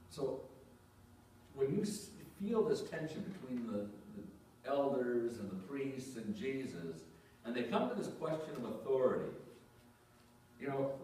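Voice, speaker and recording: A man's voice: medium pitch, dark tone, slight background noise. A male pastor giving a conversational sermon, often asking the congregation questions and repeating his phrases. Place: church sanctuary. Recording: echoey church from a distant mic.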